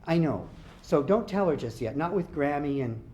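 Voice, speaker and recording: A man reading aloud as a grieving, impulsive young man who talks in halting, casual bursts. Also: on the high side, animated, a little mellow, muffled recording, close to an everyday voice. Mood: defensive. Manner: halting, conversational, swearing.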